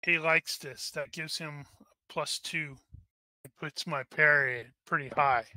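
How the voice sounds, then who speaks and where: Slow, bright-voiced male game master. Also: on the high side, fairly even intonation, dry recording. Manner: methodical, narrates dice rolls aloud. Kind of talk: running a tabletop combat.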